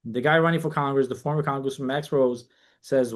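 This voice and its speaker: A guest on a casual podcast interview, a community organization founder raised in New York, speaks at medium pitch and a little fast. He tells long stories animatedly, quotes people in dialogue, and restarts often.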